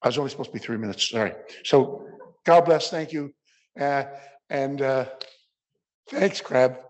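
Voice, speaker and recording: An older man giving emotional closing remarks at a symposium, halting with many restarts and at times choked up. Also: mid-range voice, noisy background. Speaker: symposium speaker.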